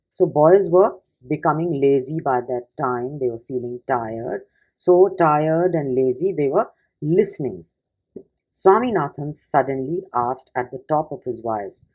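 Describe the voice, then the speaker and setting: A woman's voice: low-pitched, darkish tone, breathy edge, low-quality recording. A woman teacher reading a story aloud, then explaining it passage by passage and asking the class questions.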